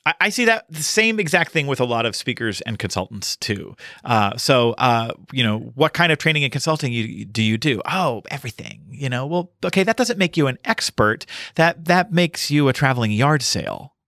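A man hosting a podcast, talking casually about his speaking and consulting work with analogies and quick asides. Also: mid-range voice, lively intonation, sharp tone, no echo, studio quality.

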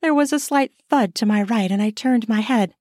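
A woman's voice: fairly high pitch, normal speed, a little mellow, no room sound, clean studio sound. A woman reading her own erotic short story aloud in an intimate first-person style. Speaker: narrator and author.

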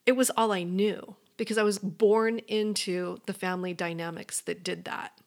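A woman's voice: mid-range voice, steady tone, normal speed, darkish tone. Earnest woman coaching listeners on a podcast. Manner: earnest, encouraging, speaks straight to the listener. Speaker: podcast host and life coach. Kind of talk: motivational podcast monologue.

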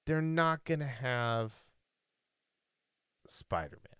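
This podcast co-host speaks slowly in a mid-range, clear and resonant voice with lively intonation and a fairly bright tone. His casual chat rambles, leans opinionated and is packed with fillers and restarts, recorded in clean studio sound without echo.

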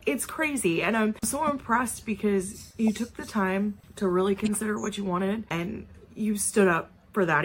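A woman's voice: medium pitch, fairly bright tone, slight background noise, poor audio. A woman recording a heartfelt birthday message while crying. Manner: heartfelt, tearful.

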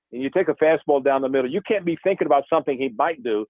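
A man's voice: mid-range voice, rapid-fire, few pauses, no room sound. A man who once played catcher, talking baseball in casual radio chat and acting out old exchanges as he tells stories. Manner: animated storyteller, acts out dialogue. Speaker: baseball broadcaster, former catcher. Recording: dry phone-like radio line.

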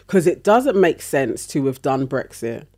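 A man's voice: on the high side, sing-song, measured pace, dark tone. A man co-hosting a casual podcast chat, talking reflectively and thinking aloud with hedges.

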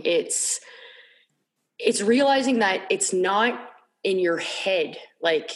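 Woman podcast guest, candid storyteller, halting and repetitive delivery. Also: medium pitch. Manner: halting, repeats words, many fillers.

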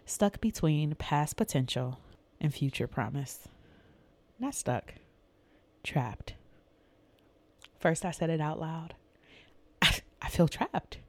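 A woman's voice: deep voice, animated, slow pace, pauses often, darkish tone. A woman sharing a candid, faith-based personal testimony, vividly reliving a frightening moment. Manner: candid and vivid, reenacting her own panic.

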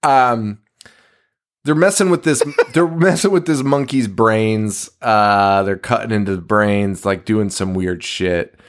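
Lowish-voiced man cursing through a movie recap. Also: slow pace. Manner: profane, laughing, acts out characters' lines. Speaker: podcast co-host. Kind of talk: casual movie recap chat.

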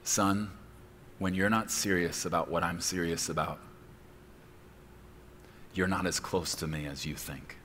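A man preaching a sermon as pastor, with emphatic delivery that bursts into shouted key words. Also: low voice, fairly even intonation, measured pace, pauses often, long reverb tail, a little hiss or hum.

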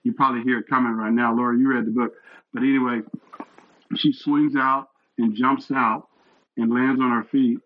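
Older male guest, earnest animated storyteller, mid-pitched voice, slightly dull lo-fi recording. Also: moderate pace. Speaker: guest, retired fire captain and chaplain. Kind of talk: storytelling interview.

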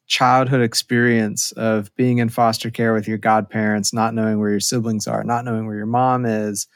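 A man hosting an interview, asking calm, affirming follow-up questions and narrating between the answers. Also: lowish voice, normal speed, no room sound, clean studio sound. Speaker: interviewer, host.

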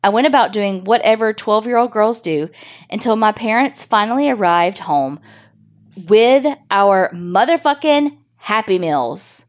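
Woman, podcast host, story reading, wry, swears freely, medium pitch. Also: lively intonation, unhurried. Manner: wry, profane, conversational storytelling.

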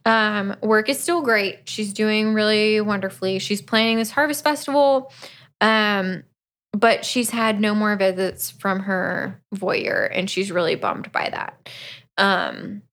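A woman co-hosting a podcast, casually retelling a book's plot and acting out its lines, with an even mid-range pitch. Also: slow. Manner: chatty, acts out quotes from the book. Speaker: podcast co-host. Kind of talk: casual book recap.

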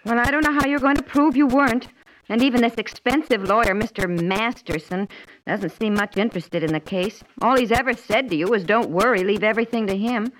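An actress playing a practical, mildly exasperated wife in a 1950s radio comedy, brisk and gently scolding. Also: female voice, on the high side, a little hiss or hum, close to an everyday voice, rough recording. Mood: chiding. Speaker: lead actress.

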